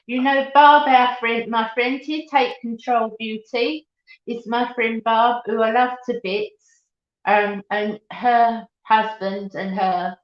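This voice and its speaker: A woman from the East End of London with a Cockney accent, hosting a casual live-stream chat and calling her viewers sweetheart and darling. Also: on the high side. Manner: chatty, affectionate, calls viewers sweetheart and darling. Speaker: beauty channel host. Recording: roomy, dull lo-fi home stream.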